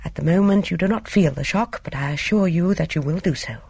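Calm young doctor, measured and professional, gravelly, read by a narrator in a storybook. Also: medium pitch, no room sound, voice pushed up.

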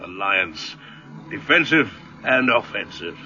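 A man's voice: lowish voice, big pitch swings, slow pace, bright, forceful tone, soft background music, heavily acted. An actor playing a jovial, pushy man in a radio drama, who keeps tacking "eh?" onto his lines. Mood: hearty, coaxing. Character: hearty middle-aged man, pushy and suggestive. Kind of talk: 1970s radio drama acting. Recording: dull lo-fi radio recording.

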